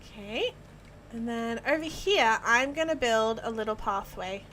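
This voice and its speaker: A woman's voice: a little high, lively intonation, measured pace, a bit bright, a little hiss or hum. Giggly Australian woman streaming a game. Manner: giggly and playful, laughing often. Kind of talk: casual live-stream chat while building in a game. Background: faint background music.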